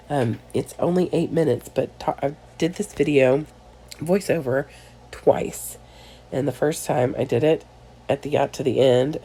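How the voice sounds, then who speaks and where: A woman's voice: extremely low pitch, husky. A tired woman narrates a crafting voiceover late at night. She sounds congested from a sinus infection and chats in a rambling way, with apologetic asides. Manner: chatty and rambling, apologetic asides, soft laughs. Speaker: scrapbooking video creator.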